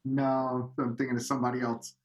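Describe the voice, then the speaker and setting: A man's voice: mid-range voice, flat delivery, a little fast, a little hiss or hum. A man from Brooklyn, a guest on a podcast, chatting in a laid-back way and laughing easily. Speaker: guest musician. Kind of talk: casual interview chat.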